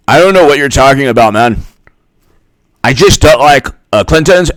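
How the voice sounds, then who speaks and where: A man's voice: mid-range voice, expressive, moderate pace, a bit bright, no room sound, clean studio sound. A man giving sarcastic, rambling political commentary with comic skits. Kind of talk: casual comedic commentary with skits.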